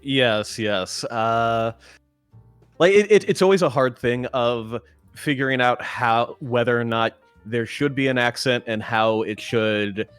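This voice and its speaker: A man who voice acts, chatting casually as a guest, relaxed and swearing offhandedly while explaining things. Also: mid-range voice, unhurried, clear, resonant tone, no echo, faint music behind. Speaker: voice actor guest. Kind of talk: casual chat.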